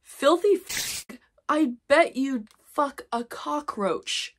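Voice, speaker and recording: A woman's voice: high-pitched, animated, very slow, a little hiss or hum, pitched above the performer's own voice, heavily acted. A woman reading the lines of a smug, taunting teenage boy bully in her own voice.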